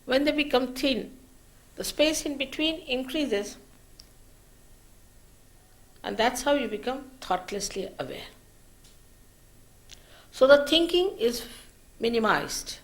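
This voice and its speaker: A woman teacher giving a slow, measured spiritual lecture at a public program, her phrases trailing off softly. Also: sits high, lively intonation. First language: Marathi.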